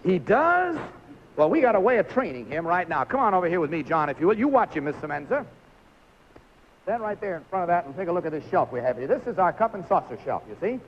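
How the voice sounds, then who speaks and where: A man's voice: high voice, very animated, quick pace, dull audio, slight background noise. A man hosting a live 1950s television game show, coaxing contestants through stunts with a jovial, laughing manner.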